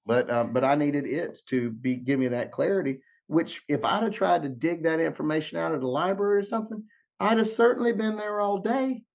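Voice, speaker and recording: A man's voice: on the high side, fairly quick, vocal fry, lo-fi sound. A man talking as a guest musician in an interview, rambling with many restarts and fillers. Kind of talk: casual interview talk.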